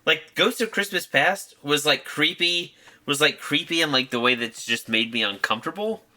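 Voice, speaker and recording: A man's voice: on the high side, moderate pace, bright, forceful tone. A man chatting on a movie podcast, telling loose stories full of fillers. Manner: loose, filler-heavy storytelling. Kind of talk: casual movie-review chat.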